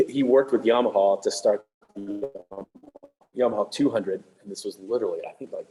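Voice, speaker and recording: A man leading a clinic for music teachers, talking in a quick, chatty, joking way with lots of fillers and restarts. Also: lowish voice, dark tone, rough recording. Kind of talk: casual clinic presentation. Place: room with attendees present, also on video call.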